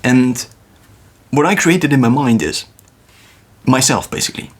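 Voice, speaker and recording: A man thinking aloud in a reflective solo monologue, musing with pauses and restarts, recorded on a phone. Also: medium pitch, expressive. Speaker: video creator.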